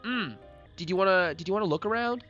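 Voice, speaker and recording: A man's voice: high voice, fast talker, a bit bright, pitched above the performer's own voice. A man voicing a flirty, gushing female swamp otter who keeps fishing for praise, in a lo-fi recording with faint music behind. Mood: eager.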